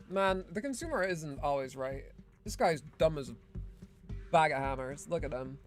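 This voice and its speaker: A woman's voice: deep voice, expressive, moderate pace, a little mellow, faint music behind. A woman streaming a video game, giving casual, sarcastic commentary that rambles with lots of "like" and "um". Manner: sarcastic, rambling, full of fillers like "like" and "um".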